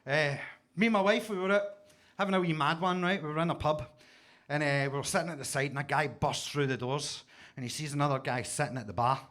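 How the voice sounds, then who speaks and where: A man's voice: fairly high pitch, fast, fairly bright tone. A Scottish man in his forties doing a stand-up set in a basement comedy club, with punchy, self-mocking storytelling. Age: 40s.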